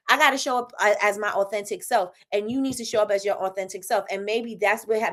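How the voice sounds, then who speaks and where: A woman from New York talking straight to her livestream viewers, loud and animated. She laughs big and often and hammers her points home by repeating them. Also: medium pitch. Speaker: livestream host. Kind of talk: motivational livestream talk.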